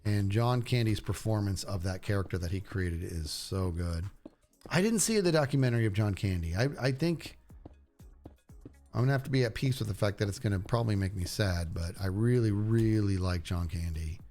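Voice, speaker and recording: A man's voice: fairly low pitch, lively intonation, normal speed, darkish tone, soft background music. A middle-aged man chatting casually with his stream viewers, rambling and stopping himself mid-sentence as he talks about shows he loves. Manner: rambling, self-interrupting, enthusiastic about shows. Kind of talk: casual livestream chat.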